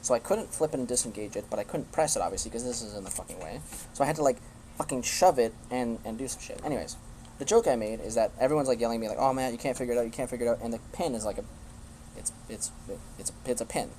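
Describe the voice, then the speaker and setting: A man's voice: mid-range voice, fast talker, mellow, slight background noise. A young man ranting casually on a live stream, blunt and profane, often restarting his sentences.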